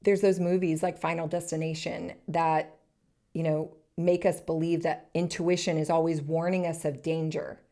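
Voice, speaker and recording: A woman in her thirties hosting a solo podcast, earnest and encouraging, speaking in short soft phrases. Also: sits low, little pitch movement, normal speed. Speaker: podcast host.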